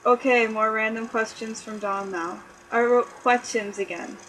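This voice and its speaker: A woman's voice: a little high, fairly even intonation, normal speed, fairly bright tone, slight background noise, poor audio. A woman reading aloud her own childhood story, with giggly, self-mocking asides.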